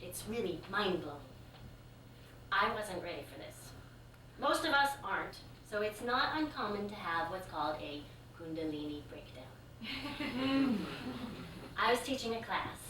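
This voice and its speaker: A woman yoga teacher performing a live storytelling monologue, animated and conversational, full of casual fillers. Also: mid-range voice. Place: stage before a laughing audience. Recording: echoey, distant live stage recording with noise.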